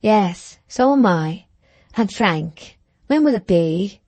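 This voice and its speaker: A woman's voice: medium pitch, lively intonation, takes it slowly, darkish tone, no echo. A woman voicing a timid young woman in an audiobook, speaking in a tremulous, faltering, pleading way. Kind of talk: audiobook character reading.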